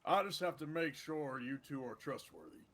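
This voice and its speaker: A man role-playing a gang boss, talking in a slow, measured way. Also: mid-range voice, big pitch swings, vocal fry, fairly bright tone. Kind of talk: in-character role-play. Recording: noisy game voice chat.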